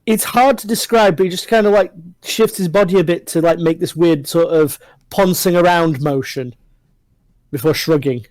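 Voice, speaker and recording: A man with a slightly higher voice, narrating a tabletop game as game master over a voice call. His descriptions are loose and full of "uh" and "like." The recording is dry and close. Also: moderate pace, a little mellow, dry recording, low-quality recording.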